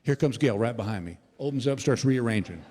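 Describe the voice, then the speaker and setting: A man's voice: mid-range voice, fairly quick. A man in his sixties doing stand-up, telling stories and talking to the crowd in a theater. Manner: storytelling, animated, addresses the crowd. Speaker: stand-up comedian. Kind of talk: stand-up comedy. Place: theater stage. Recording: long theater reverb, faint noise.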